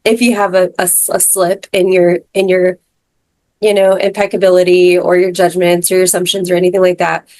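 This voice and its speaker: A woman's voice: fairly low pitch, level tone, brisk, a little mellow, no room sound. A woman co-hosting a podcast, telling a personal story in a casual, rambling way with lots of fillers and restarts. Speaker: podcast co-host. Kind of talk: casual chat.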